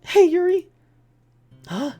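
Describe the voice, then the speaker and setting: A woman's voice: very high-pitched, very animated, slow pace, warm tone, soft background music, pitched above the performer's own voice, full character voice. A woman voicing a cheerful, caring teenage girl who is president of a school club, reading her lines in a sweet, earnest tone.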